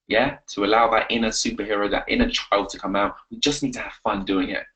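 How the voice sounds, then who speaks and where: A man coaching on a live webinar, energetic and repetitive, giving pep talks. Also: on the low side, quick pace, low-quality recording. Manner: energetic, pep-talking, repeats himself. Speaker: confidence coach.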